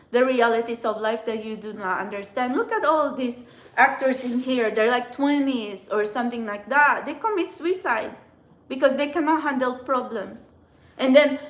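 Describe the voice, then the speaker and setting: Ranting high-voiced woman in an echoey room. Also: a little slow. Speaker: tarot reader vlogger. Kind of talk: angry ranting monologue.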